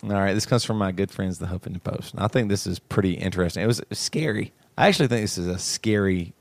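A man's voice: deep voice, fast talker, vocal fry, dry recording. A man co-hosting a podcast who reads news stories aloud, stumbling over words and laughing as he jokes. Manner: stumbling, joking, laughs while reading. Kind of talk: casual chat.

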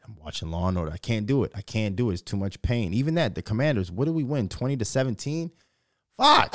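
Profane rambling podcast host, low dry voice. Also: male voice, darkish tone, no echo. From Minnesota. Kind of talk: casual solo podcast rant.

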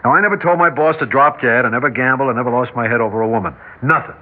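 A man's voice: medium pitch, racing, lightly acted. An actor in his forties playing a shy, kindly bachelor who owns a filling station, talking hesitantly and stammering in an old radio drama. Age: 40s. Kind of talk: 1950s radio drama acting. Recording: tinny old radio broadcast.

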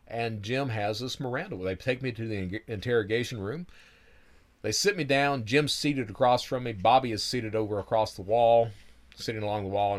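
A man telling his own story in a casual, wry way, laughing now and then and swearing freely. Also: fairly low pitch.

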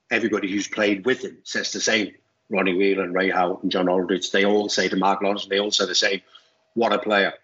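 A middle-aged man from Denmark with a low, husky voice spins relaxed stories on a podcast. He talks casually and acts out the people he quotes. The recording sounds muffled and lo-fi. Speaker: co-host, former footballer. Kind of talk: casual podcast chat, anecdotes.

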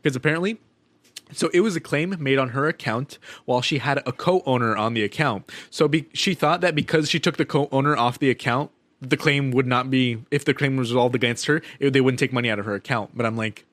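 A man's voice: medium pitch, a little fast, a bit bright, no room sound. A young man, a bank call-center worker, telling profane, laughing stories about callers in casual chat with friends.

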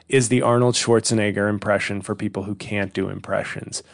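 A man's voice: lowish voice, fairly even intonation, brisk, creaky, few pauses, dry recording, studio quality. A man hosting his own comedy podcast, rambling in a sardonic, profane monologue. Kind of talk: casual solo podcast monologue.

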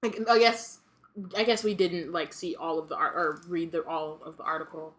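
A woman's voice: deep voice, moderate pace, fairly bright tone. A young woman hosting a podcast, chatting casually with lots of fillers and reading from a book. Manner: chatty, filler-heavy, joking. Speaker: podcast host.

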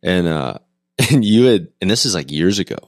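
Laughing low-voiced host. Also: male voice, normal speed, no room sound, studio quality. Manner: laughs often, animated and self-deprecating. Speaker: podcast host. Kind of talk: casual interview chat.

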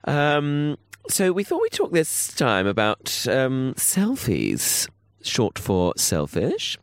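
A man co-hosts a casual podcast. He teases dryly and hesitates often, and his pitch swings widely from low to high. His voice sounds dry and close to the mic. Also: huge pitch swings, slow, clear, resonant tone, no room sound. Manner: dry, teasing, wandering and hesitant. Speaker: podcast co-host. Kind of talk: casual chat.

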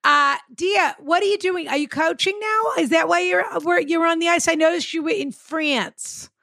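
A woman's voice: very high-pitched, moderate pace, creaky, pushed and bright, no echo, clean studio sound. A woman hosting a podcast, chatting in a playful, teasing way with campy endearments. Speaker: podcast host. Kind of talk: casual comedic interview chat.

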